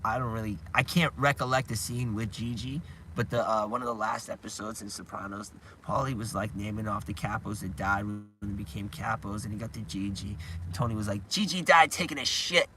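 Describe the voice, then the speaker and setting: A man's voice: fairly low pitch, level tone, brisk, noisy background. A man chatting casually on a live stream, rambling and restarting his sentences, chuckling now and then. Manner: rambling, restarts often, chuckles while retelling scenes.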